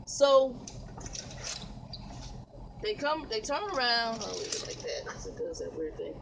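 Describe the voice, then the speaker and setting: With an extremely high, gravelly voice whose pitch swoops wildly, a truck driver talks at a measured pace, telling a long, exasperated, rambling story to the camera facing him from his cab. He laughs now and then in this casual vlog, and background noise runs underneath.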